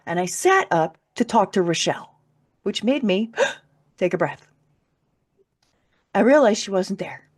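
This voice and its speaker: A woman's voice: medium pitch, lively intonation, measured pace, pauses often. A woman who is an author and podcast guest, candidly telling a personal story and swearing freely. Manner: candid, swears freely, laughs through hard moments. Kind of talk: emotional personal storytelling in conversation.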